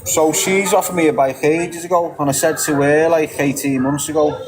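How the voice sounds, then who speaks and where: A man's voice: fairly high pitch, steady tone, normal speed, music in the background, low-quality recording. Blunt sweary middle-aged Liverpool man. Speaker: channel host answering viewers. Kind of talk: candid casual monologue.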